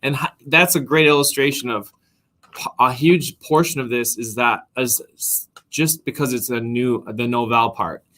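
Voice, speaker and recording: A man co-hosting a casual livestream chat, relaxed and adding quick asides. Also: medium pitch. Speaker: livestream co-host.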